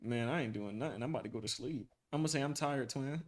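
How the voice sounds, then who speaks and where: A young man streaming live, chatting casually with his viewers in animated slang and laughing often. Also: medium pitch, rapid-fire. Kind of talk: casual livestream chat with viewers.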